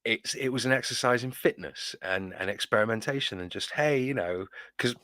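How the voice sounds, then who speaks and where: A man's voice: mid-range voice, fairly quick, bright, forceful tone, no echo. A man co-hosting a casual fan show, wordy and playfully mock-formal. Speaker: co-host. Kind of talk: casual fan podcast chat.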